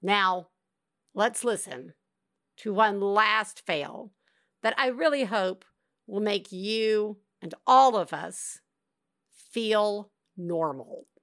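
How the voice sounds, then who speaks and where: A woman hosting a podcast, reacting to callers in casual, expressive chat with frequent laughter. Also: mid-range voice, extremely slow, long pauses, no room sound, clean studio sound. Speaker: podcast host.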